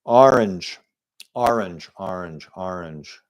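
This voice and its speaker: Middle-aged man, unhurried low voice, rambling stream chatter at home on a desk mic. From Canada. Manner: rambling and repetitive, with frequent restarts and fillers. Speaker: live streamer. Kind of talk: casual rambling stream monologue. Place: at home indoors. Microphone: desk microphone.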